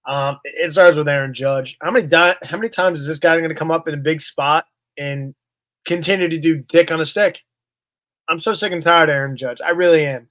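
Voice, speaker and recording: A man's voice: on the high side, a little fast, fairly bright tone, no echo. A man co-hosting a sports podcast, bluntly and profanely complaining about a player. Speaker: podcast co-host.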